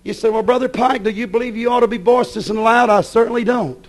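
A man preaching a sermon, folksy and scolding, swinging between shouts and low, hushed asides. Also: steady tone, fast.

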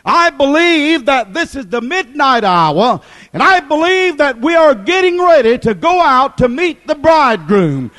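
A man preaching an impassioned sermon that rises to shouts. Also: very high-pitched, big pitch swings, a little slow.

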